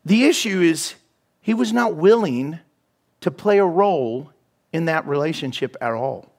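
A man preaching a sermon to his church, telling stories with animated swings and dropping to soft whispers for emphasis. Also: on the high side, a little slow, gravelly. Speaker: pastor. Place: church hall.

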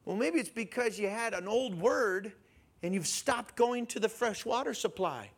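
A man preaching a sermon in an animated way, questioning his listeners and chuckling as he goes. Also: sits high, normal speed. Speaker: pastor.

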